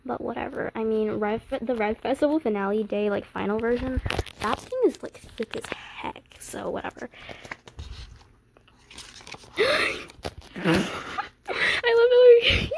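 A woman chatting casually while unboxing a haul, gasping and squealing with fan excitement and sometimes dropping to a whisper. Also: a little high, moderate pace, gravelly, slight background noise, rough recording. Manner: gasps and squeals often, gushing fan excitement; drops to a whisper at times.

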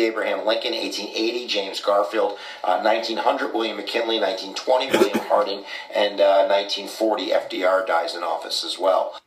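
A man's voice: on the low side, far from the mic. A man explaining history casually, with many fillers like "kind of" and "you know". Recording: echoey clip from off-mic.

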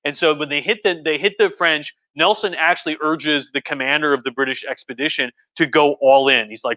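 A slightly high-voiced man talks history to his livestream viewers with real enthusiasm. His tone is bright and pushing, and he keeps breaking off to restart his sentences. The audio comes through a bit dull and muffled. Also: fairly quick. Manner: rambling and enthusiastic, many restarts. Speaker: history professor hosting a livestream. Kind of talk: casual lecture on a live stream.

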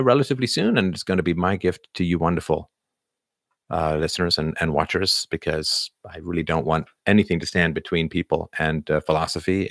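A man's voice: sits low, a bit bright, no room sound, studio quality. A middle-aged man hosting a live chat, rambling through viewer questions with lots of fillers and restarts. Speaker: livestream host answering viewers.

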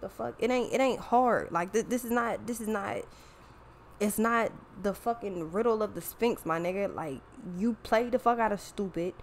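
A woman's voice: medium pitch, moderate pace, slight background noise. A woman hosting a show, talking in a blunt, profane, exasperated casual rant. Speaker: podcast host. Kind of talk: casual ranting monologue.

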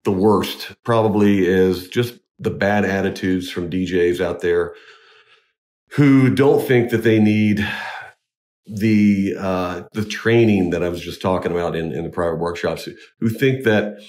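A man, a wedding DJ, talking in a casual interview, halting with many restarts but earnest. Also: deep voice, a little mellow. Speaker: wedding DJ and MC, guest.

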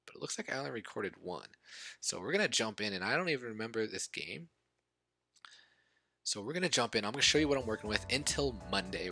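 A man giving casual commentary over a game he recorded, muttering at times and then bursting out loud, and a little short of breath. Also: lowish voice, no echo, clean studio sound. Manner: excitable, swings from mumbling to outbursts. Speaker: gaming YouTuber.

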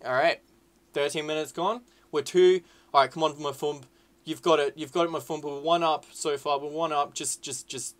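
A young man talks through a football management game, excitable and sweary, yelling at the screen when things happen. His voice is bright and forceful and sits a touch high. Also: moderate pace. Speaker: gaming YouTuber. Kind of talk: casual game commentary.

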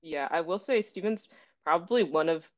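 A woman's voice: lowish voice, lively intonation, moderate pace, no room sound, lo-fi sound. A woman, a mock trial competitor, speaking in an offhand, casual way as a guest. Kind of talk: casual interview talk.

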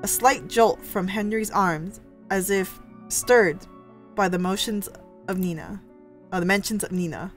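A woman's voice: medium pitch, a little slow, faint music behind. Woman reading a story game aloud. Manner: dramatic reading with reactive asides. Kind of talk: narrating a story game with asides.

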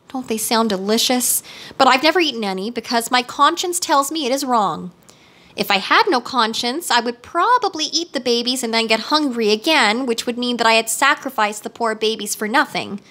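A woman voicing a huge, gentle male tiger who is always hungry, speaking slowly in a storybook reading. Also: fairly high pitch, expressive. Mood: mournful. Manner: slow and drawn out.

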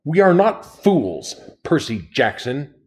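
A man's voice: medium pitch, very animated, unhurried, dark tone, voice pushed up. A man voicing a sinister woman teacher who is secretly a winged monster, speaking in a menacing, threatening way.

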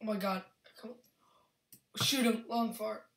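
A young woman giving excitable, rambling commentary over her own gameplay, yelling at opponents. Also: a little high, unhurried. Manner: excitable, restarts often, yells at opponents. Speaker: gaming channel host. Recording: echoey room with faint background hiss.

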